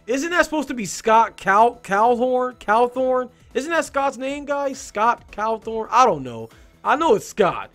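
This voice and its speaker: A man's voice: extremely high pitch, sing-song, unhurried, a bit bright, faint music behind. A man hosting a video where he reads game reviews aloud and mocks them in a sarcastic, joking way. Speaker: YouTube host. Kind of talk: reading and mocking game reviews.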